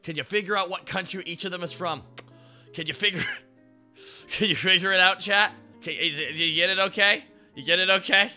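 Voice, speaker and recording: A man streaming, chatting with his chat in an animated way, swearing and laughing often. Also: high voice, normal speed, faint music behind. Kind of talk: casual chat.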